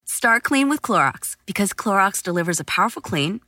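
A woman's voice: medium pitch, very animated, a little fast, bright, forceful tone. A woman reading a scripted commercial as the announcer, with upbeat delivery.

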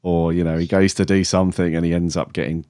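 A man with a low voice co-hosts a casual fan podcast. He talks loosely, chuckling and leaving sentences hanging. His voice is close and dry, with no room sound. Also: level tone, fast, dark tone, no echo. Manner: rambling, chuckling, trailing off mid-sentence. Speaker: podcast co-host.

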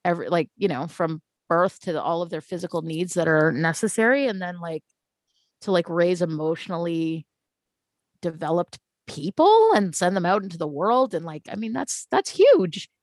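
A woman, a guest, telling a personal story in an animated way and acting out the voices of the people in it, often close to tears. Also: fairly low pitch, moderate pace, no echo. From Canada. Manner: animated, acts out quoted voices.

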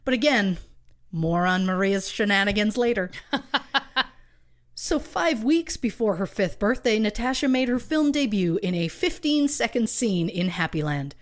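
Lady podcast host reading her research, dry jokes tossed in, mid pitch. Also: expressive, unhurried. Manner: wry, reads research with asides and laughs. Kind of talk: casual true crime storytelling.

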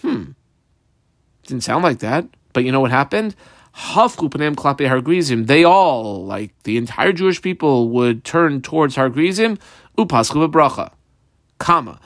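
A man works through a Talmud page line by line. He reads each phrase of the original text and then explains it in plain conversational English, pausing often on fillers. His voice sits at a middle pitch, and the recording is dry and close. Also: expressive, no echo. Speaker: Talmud teacher.

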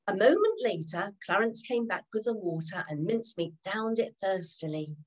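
A woman narrating a children's storybook in an expressive, animated way. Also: lowish voice, moderate pace, hardly any pauses, low-quality recording.

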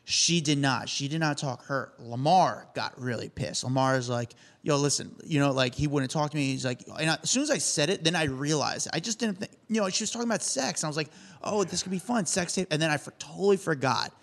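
A man co-hosting a casual celebrity news podcast, telling stories in a quick, self-deprecating way. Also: a little high, vocal fry, a bit bright. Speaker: co-host.

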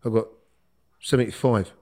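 A middle-aged man tells stories from his past in casual, animated speech. He acts out other people's lines and laughs as he talks. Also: on the low side, moderate pace, vocal fry. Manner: animated, acts out quotes, laughs while telling. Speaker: guest. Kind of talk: casual storytelling.

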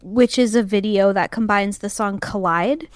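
A woman co-hosting a podcast, chatting in an emphatic and amused way. Her pitch is mid-range for a woman. The sound is close and dry, with no room around it. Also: moderate pace, no echo. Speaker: podcast co-host. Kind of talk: casual chat.

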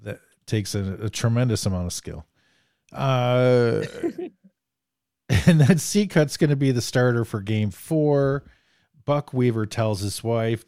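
A man's voice: mid-range voice, lively intonation, takes it slowly, darkish tone, clean tone, no echo, clean studio sound. A man hosting a casual movie discussion podcast, joking and reading from his notes. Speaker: podcast host.

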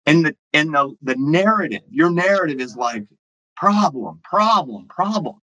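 A man doing a blunt upbeat investor, higher pitched, dry close sound. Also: animated, a little slow, pushed and bright, dry recording, full character voice, rough recording.

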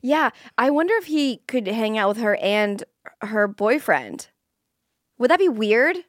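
A woman's voice: a little high, sing-song, unhurried, no echo, studio quality. A young adult woman hosting a casual advice podcast, chatty and playful, laughing easily. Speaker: podcast host.

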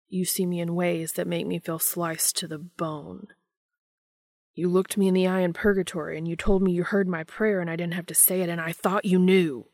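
A woman reading the lines of an intense, troubled man confessing his feelings, in a quiet, strained voice. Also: sits low, vocal fry.

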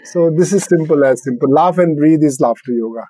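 An older man from India, founder of laughter yoga, appears as a podcast guest and explains things simply while laughing often. His voice is warm and mellow, a little high for a man, and his pace is brisk. The low-quality recording is dry and close, with no echo.

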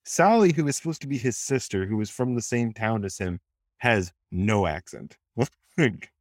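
A man's voice: lowish voice, animated, normal speed, no echo, studio quality. A man from the American South co-hosting a casual movie review podcast, rambling and sometimes losing his train of thought. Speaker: podcast co-host.

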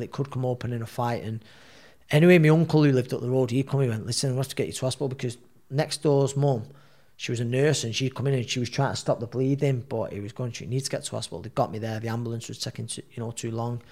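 A man, telling a story at mid pitch. He rambles in an animated way and leans on fillers and restarts. He sounds like a podcast guest. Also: fast. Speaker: guest, boxer.

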